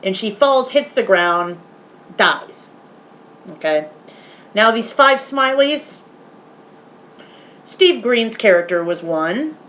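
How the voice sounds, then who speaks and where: A woman in a casual vlog, retelling a horror film's ending in animated detail, swearing often and now and then softly talking aside to her pet. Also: medium pitch, slow pace, long pauses. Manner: animated, swearing, retelling scenes with quoted voices. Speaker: vlogger. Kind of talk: casual movie review vlog.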